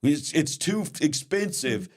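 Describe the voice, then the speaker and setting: Hosting his news commentary show, this preacher speaks unhurriedly in a slightly high, somewhat rough voice. He reads the headlines, then weighs in emphatically and with animation.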